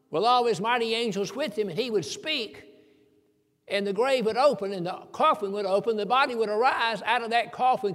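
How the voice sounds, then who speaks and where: High-voiced preacher in a reverberant hall. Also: male voice, fairly bright tone. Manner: folksy preaching with chuckles, slows down when quoting scripture. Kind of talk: sermon.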